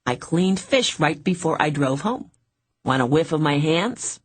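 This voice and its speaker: A woman voicing an easygoing older brother who teases his sister gently in an audiobook. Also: low voice, unhurried, husky, dry recording, heavily acted. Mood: teasing. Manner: teasing, relaxed.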